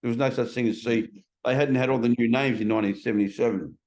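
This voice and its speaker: A man's voice: mid-range voice, steady tone, fast talker, a little mellow. A man in his sixties with an Australian accent, a podcast guest telling vivid stories in a blunt, slangy way. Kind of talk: conversational storytelling.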